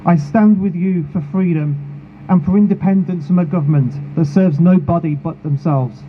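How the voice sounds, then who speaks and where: Earnest man giving a rally speech. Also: on the high side. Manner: earnest, measured and emotional. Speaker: charity founder speaking at a protest. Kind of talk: prepared speech at an outdoor rally. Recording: phone-like sound with clear street noise.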